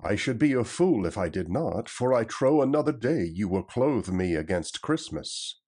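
A man's voice: fairly low pitch, big pitch swings, normal speed, a little mellow, slightly rough. A man doing a hearty, bold outlaw chief. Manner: raised, emphatic old-style speech.

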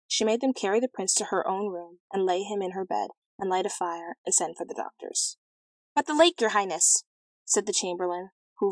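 A woman reads an old fairy tale aloud at a measured pace, clear and expressive. Her voice sits at an ordinary middle pitch. The recording is close and dry, with no room sound. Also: no echo, rough recording. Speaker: storyteller. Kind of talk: storybook reading aloud.

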